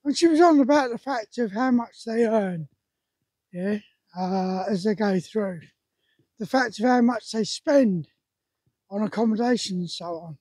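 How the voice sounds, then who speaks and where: A man's voice: high-pitched, unhurried, darkish tone, no echo. An older British man, an army veteran, telling a rambling, chatty anecdote. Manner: rambling, chatty, peppered with "you know". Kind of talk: casual anecdote.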